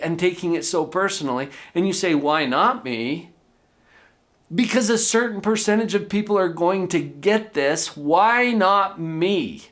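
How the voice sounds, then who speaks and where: A middle-aged man hosting a self-improvement channel, giving an earnest, emphatic motivational talk to camera, his voice at times strained and strangled. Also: fairly high pitch. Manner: earnest, emphatic, asks listeners questions.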